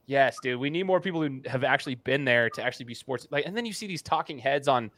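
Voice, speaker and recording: A male podcast host who talks in a chatty, animated way and interviews his guest. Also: mid-range voice, fast. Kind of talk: casual interview talk.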